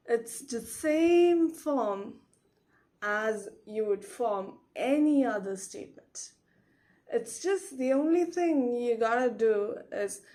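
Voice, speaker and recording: A woman teaching a casual online language lesson, explaining slowly with fillers and modeling phrases with rising question intonation. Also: fairly high pitch, darkish tone.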